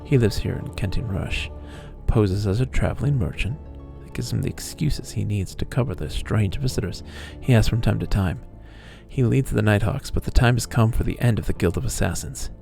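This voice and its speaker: A man's voice: lowish voice, moderate pace, creaky, dark tone, faint music behind. A man reading the lines of a stern temple lector who speaks in formal, solemn pronouncements. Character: stern male temple lector, grim and demanding.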